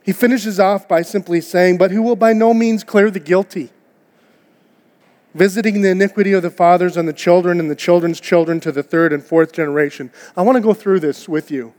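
A pastor delivers a sermon to his congregation in a church auditorium, speaking earnestly and conversationally while posing rhetorical questions. His voice sits high and is a little mellow, with brisk pacing and fairly even intonation. Long hall reverb colors the recording.

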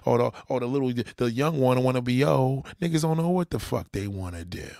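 A man's voice: mid-range voice, fairly quick, gravelly, a little mellow, no echo, clean studio sound. A man delivering an angry, profanity-heavy rant as a commentator, talking straight to his audience.

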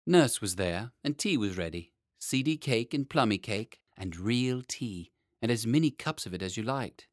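A man narrating a children's story in an expressive, playful way. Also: mid-range voice, moderate pace, hardly any pauses, no echo, studio quality. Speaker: audiobook narrator.

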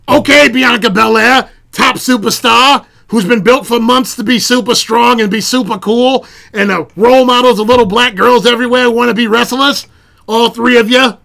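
A man putting on an Irish accent to voice a cocky, cheerful woman wrestler in a loud, showy, drawn-out way. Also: extremely high pitch, steady tone, vocal fry, exaggerated voice. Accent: put-on Irish.

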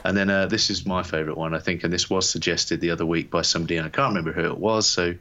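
A man from England co-hosting a sports podcast, chatting in a relaxed, rambling way with lots of fillers. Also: deep voice, rapid-fire, muffled recording. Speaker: podcast co-host. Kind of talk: casual chat.

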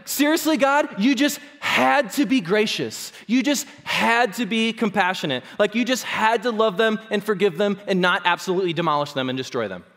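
A man's voice: high-pitched, moderate pace, hardly any pauses, a bit bright. A man voicing a petulant, sulking male prophet, whining and sarcastic. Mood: exasperated whining. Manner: whiny, exasperated, sarcastic. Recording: long hall reverb.

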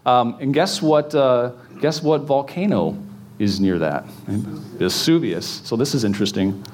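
A man's voice: mid-range voice, lively intonation, unhurried, a little mellow, a little hiss or hum. A man preaching a casual sermon, chatty and joking with the congregation, with many fillers and restarts. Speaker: pastor. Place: church in front of a congregation.

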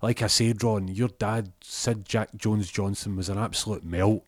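A man's voice: on the low side, fairly even intonation, unhurried, dry recording, studio quality. A man voicing a smug, scheming male gangster who taunts his rival. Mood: gloating. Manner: gloating, taunting.

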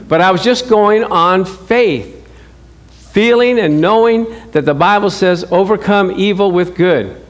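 A middle-aged man preaching a sermon, telling a married-life story with animated acted-out dialogue and frequent chuckles. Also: on the high side. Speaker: pastor. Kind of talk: sermon with personal stories.

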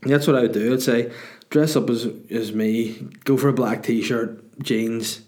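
A man's voice: medium pitch, steady tone, a little slow, a little mellow. A man hosting a podcast, answering listener questions in a rambling, crude, self-mocking way. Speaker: podcast host and comedian. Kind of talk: casual chat.

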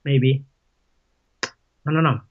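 A man's voice: mid-range voice, fairly even intonation, very slow, a little hiss or hum. A man talking as a podcast guest in casual conversation, telling stories in a rambling way, full of "like" and "um". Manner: rambling storyteller, heavy use of "like" and "um". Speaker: podcast guest, paintball player and vlogger. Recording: dull lo-fi sound.

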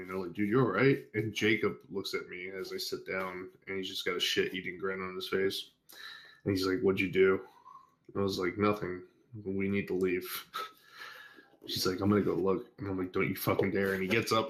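A young man with a very deep voice tells a crude story in loose, casual chat. He curses freely and acts out what everyone in the story said. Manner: crude, animated anecdote with acted-out quotes. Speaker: guest storyteller.

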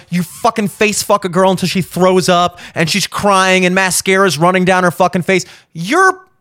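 A man hosting a show delivers a blunt opinion monologue about relationships, swearing heavily and insistently repeating his points for emphasis. His voice is high and a bit bright, recorded cleanly in a studio with no echo.

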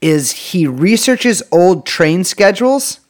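A podcast co-host chatting casually with a sardonic, rambling manner and frequent laughter. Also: male voice, sits high, big pitch swings, slow pace. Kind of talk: casual chat.

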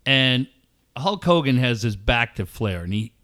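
Radio co-host, male, bright tense tone, animated swooping delivery, quick laughs. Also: medium pitch. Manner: animated storyteller, laughing through wrestler impressions. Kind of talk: casual sports radio banter.

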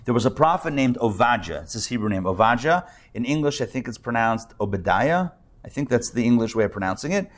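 Man, rabbi, live class lecture, conversational, stumbling restarts, wry asides, mid-pitched voice. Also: expressive, fast talker, hardly any pauses. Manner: conversational, many restarts and repeated words. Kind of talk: live adult-education lecture. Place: live lecture before an audience.

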